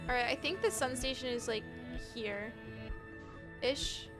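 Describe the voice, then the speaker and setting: Woman, 20s, high voice, chatty live streamer, flustered and giggly, game music underneath. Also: slow. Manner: chatty, reads chat aloud, laughs often, flustered. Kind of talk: casual live-stream chat while gaming.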